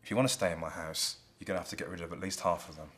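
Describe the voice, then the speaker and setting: A man doing a sharp, scolding royal daughter. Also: deep voice, fairly even intonation, rapid-fire. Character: cold, scheming eldest royal daughter.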